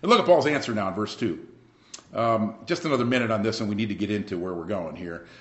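A man preaching a sermon, emphatic and lively, swinging between loud bursts and quiet asides. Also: fairly low pitch, fast talker, reverberant, muffled recording. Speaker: pastor.

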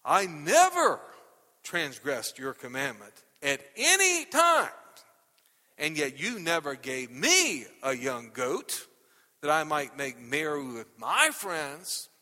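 A man's voice: a little high, wildly swooping pitch, slow, pushed and bright, big-room sound, voice pushed down, exaggerated voice. A preacher playing a self-righteous older son who complains indignantly to his father. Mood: resentful.

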